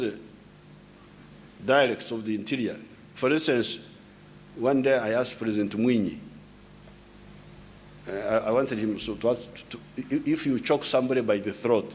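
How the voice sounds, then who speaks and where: A man addresses a crowd without a script. His pitch is mid-range, and he speaks in a lecturing way, explaining word by word. He often stumbles, restarts and repeats words. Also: moderate pace, long pauses, a little mellow, a little hiss or hum. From Uganda. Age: 70s. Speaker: head of state giving a speech. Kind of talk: unscripted public address.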